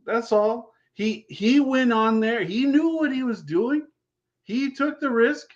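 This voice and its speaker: Man, high voice, blunt and emphatic, casual panel talk, dull lo-fi video call audio. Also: slow. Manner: blunt, emphatic, repeats himself. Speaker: game master panelist. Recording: dull lo-fi sound.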